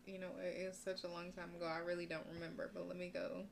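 A woman's voice: lowish voice, completely flat delivery, quick pace, creaky. A woman from the United States talking casually in a laid-back, loose way. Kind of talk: casual chat. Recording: noisy room recording.

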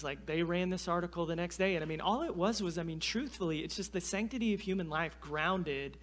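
Animated, bright-voiced preacher man. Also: high-pitched. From North Carolina. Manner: animated, self-deprecating storyteller. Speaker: guest preacher. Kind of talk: storytelling sermon.

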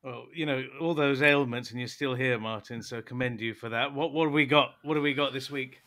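A man's voice: mid-range voice, steady tone, fairly quick, sharp tone. A man co-hosting a casual sports chat, teasing and chatty in his banter. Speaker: sports show co-host.

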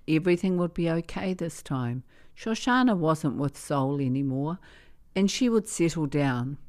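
Woman narrator, low voice, calm storybook reading, steady and even. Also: clear, resonant tone.

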